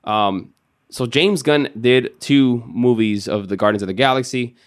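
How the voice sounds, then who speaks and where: A man co-hosting a casual podcast with a friend. He is laid-back and agreeable and uses a lot of easy slang. His voice has a middling pitch. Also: a little slow. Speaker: podcast co-host. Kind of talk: casual chat.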